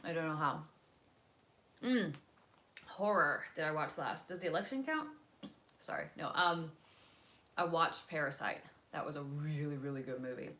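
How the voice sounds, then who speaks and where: Here the vlogger's voice is deep, expressive, pushed and bright, moving at a moderate pace and pausing often. The young woman rambles casually on her home live stream, eating and wandering around the house.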